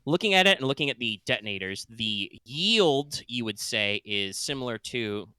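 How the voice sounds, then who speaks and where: A man running a tabletop game as game master, talking in an animated, casual way. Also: mid-range voice, normal speed, clean tone, no echo.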